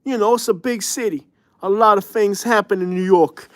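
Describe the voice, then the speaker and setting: Tough-talking big-city wiseguy with mob ties, pitched up and swaggering, very dry close sound, as a man puts him on. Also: normal speed, a bit bright, no echo. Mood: boastful. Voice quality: higher, exaggerated street-tough drawl. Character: brash tough-talking male New Yorker, mob-connected.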